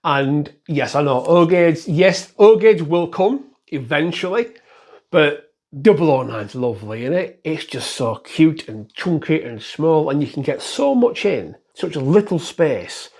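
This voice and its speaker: A man's voice: fairly high pitch, animated, unhurried, a little mellow. A man chatting casually to camera about his hobby, rambling and self-deprecating. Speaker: model railway YouTuber.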